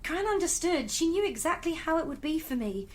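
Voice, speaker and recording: A woman's voice: very high-pitched, very animated, brisk, darkish tone. An actress playing Jenny, a frightened young woman at odds with her father. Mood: sullen. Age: young adult. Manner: anxious, pleading. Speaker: daughter. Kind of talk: audio drama acting.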